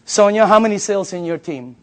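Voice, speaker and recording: High-voiced, animated man giving a sales pitch. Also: quick pace. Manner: animated storyteller, echoes audience answers back. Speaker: sales presenter. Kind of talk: sales pitch to a live audience.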